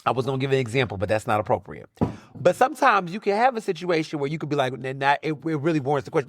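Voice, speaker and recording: A man hosting his own podcast, talking casually in a chatty, slangy way with quick asides. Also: mid-range voice, very animated, no room sound, studio quality. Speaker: podcast host. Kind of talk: casual solo podcast monologue.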